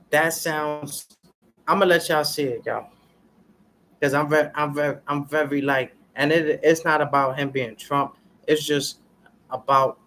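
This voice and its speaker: A man vlogging in a casual, preachy rant full of street slang, often turning to his viewers with "y'all" and getting loud and animated when worked up. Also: on the high side, a little hiss or hum. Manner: street slang, repeats "y'all" and "you understand what I'm saying". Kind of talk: casual ranting commentary to viewers.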